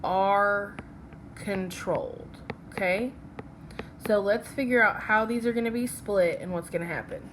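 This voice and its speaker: A woman's voice: medium pitch, measured pace, noisy background. A woman teaching a phonics lesson from slides. She is patient and checks in with "okay?" after each step.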